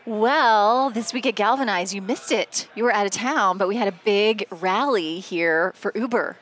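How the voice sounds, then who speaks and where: A woman's voice: medium pitch, normal speed, fairly bright tone, slight background noise. Upbeat woman co-hosting a talk show. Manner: upbeat, laughs easily. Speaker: co-host. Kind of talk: casual chat.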